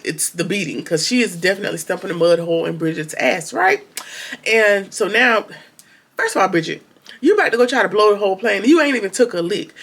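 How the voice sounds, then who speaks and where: Female reviewer, gravelly edge, casual and sarcastic while retelling the plot. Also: mid-range voice, fairly bright tone. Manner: slangy, chatty storytelling with sarcastic asides. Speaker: TV show reviewer. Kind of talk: casual episode recap.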